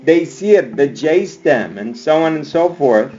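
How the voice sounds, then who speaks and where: A man's voice: fairly high pitch, animated, unhurried, dark tone, lo-fi sound, faint music behind. A male Spanish teacher giving a screen-recorded grammar lesson, upbeat and chanting verb endings like a cheer. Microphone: computer mic on screencast.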